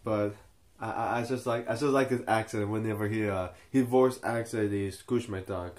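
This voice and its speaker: A man's voice: on the low side, steady tone, normal speed, a little mellow. A young man giving a casual, unscripted review and stumbling over his words with many fillers and restarts. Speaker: video reviewer.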